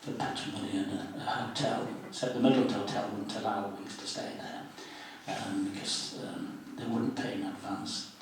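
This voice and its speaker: A man's voice: on the low side, normal speed, few pauses. A man in his seventies spins anecdotes for a meeting audience, slipping into the voices of the people he quotes. His voice carries through a very echoey hall, picked up from a distance with a light hiss underneath. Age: 70s. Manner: lively raconteur, acts out quoted voices. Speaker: interview guest, former student union officer. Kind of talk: anecdotal storytelling at a public meeting.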